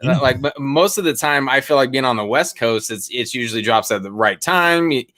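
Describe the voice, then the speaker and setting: A man's voice: mid-range voice, a little fast, pushed and bright. A man co-hosting a casual podcast, easygoing and laughing often. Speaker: podcast co-host.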